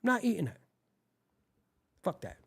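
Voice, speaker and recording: A man with a gravelly, rough-edged voice spins a casual, profane story. His pitch swings up and down as he rambles. He sounds like a show host talking straight to his viewers. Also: very animated, a little slow.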